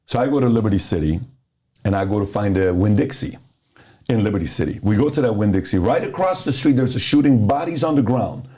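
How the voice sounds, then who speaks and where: Mellow-voiced man telling a story. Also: on the low side, animated, quick pace. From Iran. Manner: storytelling with acted-out quotes. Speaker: host. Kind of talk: casual chat.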